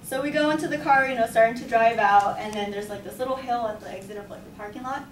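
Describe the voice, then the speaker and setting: A young woman telling a personal story to a class in a chatty, animated way, full of "like" and quick laughs. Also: fairly high pitch, a little hiss or hum. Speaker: student storyteller. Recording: echoey room, voice from a distance.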